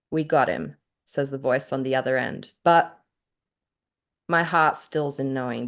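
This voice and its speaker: A woman's voice: extremely low pitch, vocal fry. An Australian woman, a podcast co-host and author, chatting casually and reading her own story aloud with feeling, often laughing. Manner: animated, laughs often, gets choked up.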